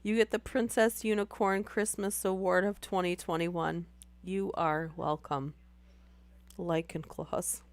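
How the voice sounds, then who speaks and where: A woman with a hoarse, worn voice after losing it, casually reading stories aloud on a live stream and laughing between lines. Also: medium pitch, fairly even intonation, unhurried.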